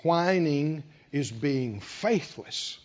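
An older man preaching a sermon, animated with frequent chuckles and slow, emphatic delivery, on a dull lo-fi recording. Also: on the high side.

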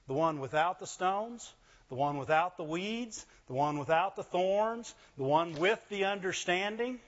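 A man's voice: fairly high pitch, dull audio. A man preaching a sermon, punctuating his points with call-and-response questions to the congregation. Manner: call-and-response preaching, frequent "Amen?" and "Right?". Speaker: pastor.

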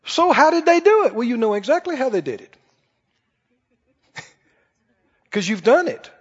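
High-voiced, lively male preacher. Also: moderate pace, breathy edge. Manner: animated, conversational, acts out quoted voices. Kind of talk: sermon. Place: church hall. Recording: dull recording with long hall reverb.

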